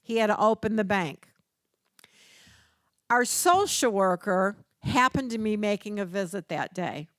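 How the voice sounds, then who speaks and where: Older woman workshop presenter, unhurried, dry close sound, storyteller who acts out quotes. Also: mid-range voice, expressive, a bit bright, dry recording. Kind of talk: teaching workshop talk.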